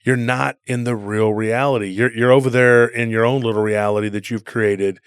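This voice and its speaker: A man's voice: medium pitch, fairly even intonation, moderate pace, clear, resonant tone, no echo, clean studio sound. A man co-hosting a podcast, telling rambling stories in a casual conversational way and often calling people "dude.". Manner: rambling storyteller, says "dude". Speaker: podcast co-host.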